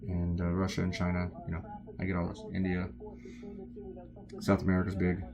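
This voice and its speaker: A man's voice: low voice, monotone, fairly quick, music in the background. A tired man from the United States, a cartoonist chatting casually and rambling off topic while he draws. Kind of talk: casual chat while drawing.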